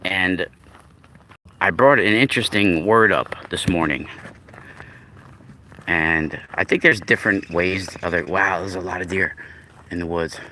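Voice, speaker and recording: Deep-voiced man rambling outdoors. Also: measured pace, long pauses, sharp tone, slight background noise. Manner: rambling, with restarts and spelled-out words. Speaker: vlogger. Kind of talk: casual outdoor video talk. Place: outdoors in the woods.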